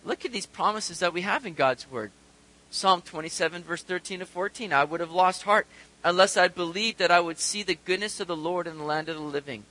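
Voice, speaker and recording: Animated, bright-voiced male preacher. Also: high-pitched, fairly quick, rough recording. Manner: animated, swings between quiet earnest and loud urgent; reads scripture aloud. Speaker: pastor. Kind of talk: sermon.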